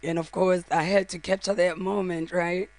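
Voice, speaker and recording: A woman's voice: lowish voice, flat delivery, normal speed, darkish tone, no echo. A middle-aged woman, a grieving mother, delivering a heartfelt funeral eulogy in short, broken phrases. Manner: heartfelt, speaks directly to the mourners.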